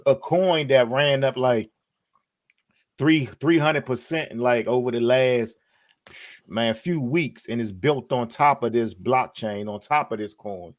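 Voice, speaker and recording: A man's voice: medium pitch, no room sound. Laid-back man with a dry, close sound. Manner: laid-back, halting, many fillers. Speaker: podcast co-host. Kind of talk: casual chat.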